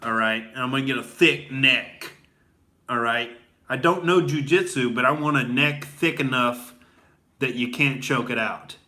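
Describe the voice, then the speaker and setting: Young guy comedian ranting like a gym bro, bright voice, keeps saying dude and all right. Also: mid-range voice, unhurried. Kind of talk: stand-up style comedy rant.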